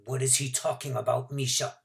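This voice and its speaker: A male teacher reading aloud, voicing a worried older man who speaks low and hushed. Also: little pitch movement, brisk, gravelly, natural voice. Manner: low, hushed, close to a whisper.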